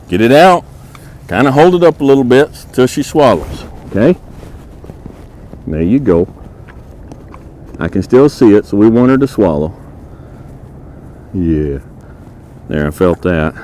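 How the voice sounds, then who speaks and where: A man who trains horses, giving a plain-spoken, folksy lesson outdoors in a horse yard and talking softly to the horse as he works. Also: on the low side, expressive, moderate pace, pauses often, slight background noise, poor audio. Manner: coaxes the horse softly while working. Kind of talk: hands-on instructional video.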